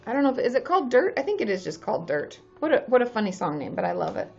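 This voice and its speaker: A woman's voice: fairly high pitch, huge pitch swings, rapid-fire, darkish tone, muffled recording, soft background music. A woman from Washington State, a therapist chatting casually on a livestream, answering viewers and reading their names aloud.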